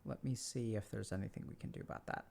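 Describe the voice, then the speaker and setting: A man hosts a call-in show and speaks calmly, stopping to ask gentle clarifying questions. His voice sits very low. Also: fast talker, creaky, slight background noise. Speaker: host.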